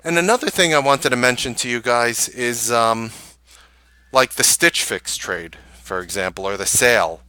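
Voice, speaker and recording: A man hosting a live trading stream, ranting casually to viewers in an animated, exasperated way and scoffing with short laughs. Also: mid-range voice, moderate pace, smooth, no room sound.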